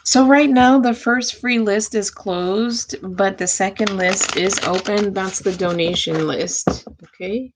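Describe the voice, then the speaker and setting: Casting: woman tarot reader, unhurried, mid-pitched, chatty reading style. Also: noisy background. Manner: slow, drawn-out, talks to the cards and angels.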